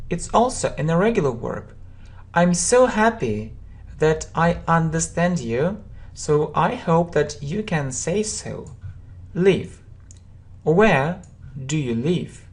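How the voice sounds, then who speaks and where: A woman teaching English, reading out verb forms and example sentences and explaining them patiently, with frequent "you know" and "uh" fillers. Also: low voice.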